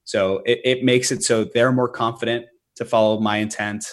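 A man's voice: medium pitch, little pitch movement, moderate pace. A man who runs a business, a guest on a podcast, explaining his methods earnestly with frequent fillers and restarts. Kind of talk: podcast interview.

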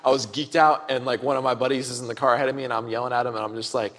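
A man's voice: medium pitch, rapid-fire, big-room sound. A young man co-hosting a podcast, telling stories casually with lots of slang and acting out what people said. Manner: animated, slangy, acts out quotes. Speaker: podcast co-host. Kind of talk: casual storytelling chat.

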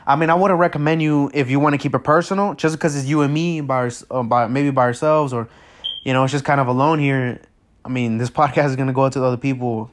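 Male podcast host, loose unscripted chat, friendly and rambling, average pitch. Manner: rambling, hesitant, many fillers and restarts; friendly, talks straight to listeners. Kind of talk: casual solo podcast intro.

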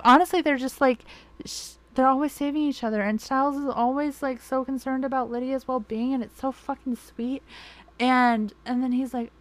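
A woman's voice: a little high, fairly even intonation, fairly quick. A young woman chatting casually, rambling with lots of fillers and swearing freely as she gushes like a fan. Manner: gushing fan enthusiasm. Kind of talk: casual chat.

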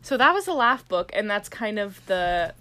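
A woman's voice: medium pitch, sing-song, normal speed, sharp tone. A woman co-hosting a podcast in casual chat, teasing and laughing often. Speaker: podcast co-host.

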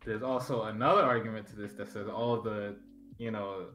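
Lower-voiced man in laid-back chat. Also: steady tone, normal speed, fairly bright tone, faint music behind. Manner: laid-back, joking, profane. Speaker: podcast co-host. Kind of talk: casual gaming chat.

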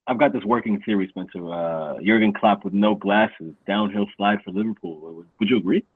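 A man's voice: lowish voice, moderate pace, breathy edge, dry recording. A man hosting a casual sports podcast, giving playful hype-man introductions and chatting loosely about football. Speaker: podcast host. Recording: phone-like narrow sound.

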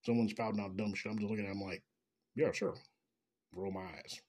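Husky, profane ranting man. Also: fairly low pitch, flat delivery, very fast, a little mellow. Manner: angry, profane, sarcastic. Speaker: commentator. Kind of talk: ranting commentary.

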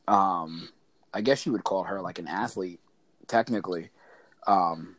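A man's voice: deep voice, unhurried, a bit bright, dry recording. A man in a casual movie discussion, agreeable and a little hesitant.

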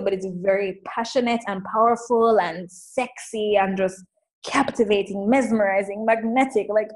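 A woman coach talking in a casual interview, emphatic and animated, often saying "like". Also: mid-range voice, low-quality recording. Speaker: coach and guest.

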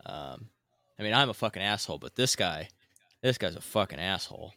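A man's voice: deep voice, expressive, fairly quick, pushed and bright, no room sound, clean studio sound. A man on a casual gaming podcast, ranting and swearing constantly.

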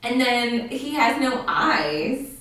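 Chatty podcast woman with a lively, swooping voice, speaking a bit off mic in a very echoey room. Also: on the high side, slow pace, far from the mic. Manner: chatty, laughing, many fillers and acted-out quotes. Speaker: podcast co-host. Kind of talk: casual chat recapping a horror film.

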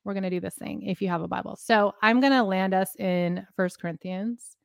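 A woman's voice: medium pitch, brisk, creaky, very noisy. A woman co-hosting a casual faith podcast, teaching with laughter and self-mockery. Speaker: podcast host.

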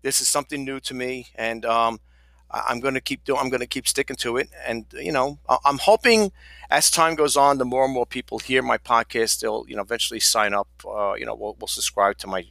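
A man's voice: mid-range voice, a little fast, creaky, fairly bright tone, no room sound. A middle-aged man hosting his own podcast in a casual, rambling, chatty and self-deprecating way. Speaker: podcast host. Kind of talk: casual solo podcast talk.

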